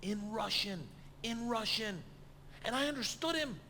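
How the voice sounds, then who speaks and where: Middle-aged man, stand-up comedian, animated storytelling, fairly high voice, reverberant stage sound, faint noise. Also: unhurried. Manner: loud animated storytelling with laughing asides.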